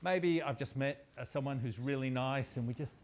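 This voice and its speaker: A male university lecturer tells a story in an animated, chatty way. His voice sits at a middle pitch. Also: moderate pace.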